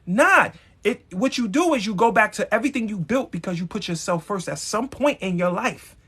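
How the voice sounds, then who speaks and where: A man's voice: high voice, lively intonation, a little fast, fairly bright tone, breathy edge. A man hosting a live stream, giving a blunt, emphatic motivational talk straight to his viewers, with some profanity. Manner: addresses viewers directly.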